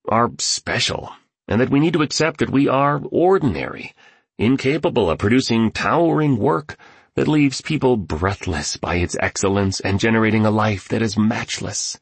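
An earnest, emphatic female entrepreneur, read by a man in his own voice. The voice is deep and gravelly, with a husky grain. The sound is close and dry. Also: dry recording, heavily acted.

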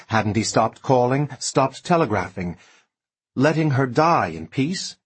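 A man narrates an audiobook in a husky, mid-pitched voice. He reads expressively, lingering over rich descriptions and letting the phrasing rise and slow.

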